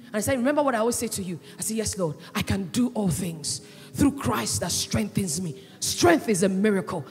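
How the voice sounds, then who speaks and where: A woman pastor preaching a sermon with passion, swinging between loud cries and hushed asides. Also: sits high, expressive, quick pace. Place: church hall. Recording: echoey church hall, with faint music.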